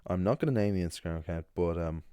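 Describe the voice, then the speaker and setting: A man's voice: low voice, quick pace, mellow, clear, resonant tone, dry recording. A young man, talking casually to camera in a rambling way, with lots of fillers and restarts. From Ireland. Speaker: language channel host. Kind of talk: casual talking-head monologue.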